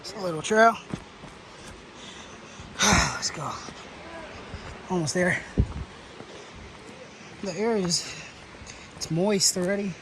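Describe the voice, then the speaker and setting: A man's voice: high-pitched, slow pace, long pauses, noisy background. A man hiking a forest trail toward a waterfall while filming a travel vlog, out of breath, exclaiming and swearing often. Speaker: travel vlogger.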